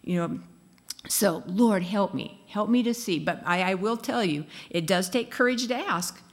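A woman delivers a sermon in an easy, conversational way. She laughs often and slips into short acted-out quotes to make her point. Her voice sits at a middle pitch. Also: a little slow. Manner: chatty and laughing, acts out little quoted lines. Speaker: speaker giving a devotional talk.

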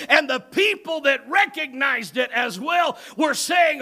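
A man preaching a sermon as pastor, moving from low, quiet talk to loud, shouted emphasis and often repeating his words. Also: lively intonation, slow, vocal fry, few pauses, a faint crowd.

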